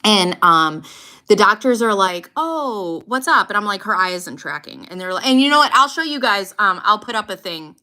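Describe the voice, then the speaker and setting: A woman in her thirties, a podcast host, casually telling a personal story in a blunt, animated way and swearing freely. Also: medium pitch, brisk. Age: 30s. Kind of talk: casual storytelling to a live audience.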